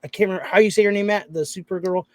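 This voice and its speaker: A man co-hosting a podcast in casual chat, agreeable and quick to chime in. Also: high voice, steady tone. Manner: agreeable, many short affirmations. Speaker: podcast co-host.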